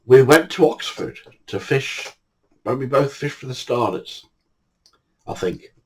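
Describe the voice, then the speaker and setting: Older man, casual storyteller, blunt, swears a lot, mid-pitched voice. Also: measured pace, slightly rough, rough recording. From England. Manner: blunt, swears freely, lively retelling. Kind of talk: casual spoken anecdotes.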